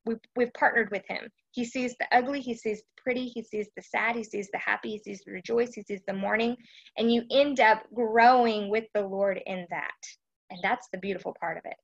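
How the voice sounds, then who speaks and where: A woman's voice: a little high, steady tone, fairly quick, creaky, highs cut off. A woman from Texas, hosting a casual devotional live stream chat and often checking in with her listeners. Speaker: host of a faith chat.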